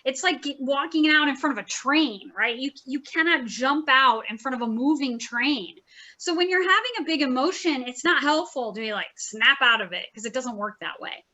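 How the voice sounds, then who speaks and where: A woman's voice: sits high, animated, normal speed, pushed and bright. A woman therapist giving an informal workshop lecture, chatty and earnest, often repeating phrases. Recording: slightly dull, muffled recording.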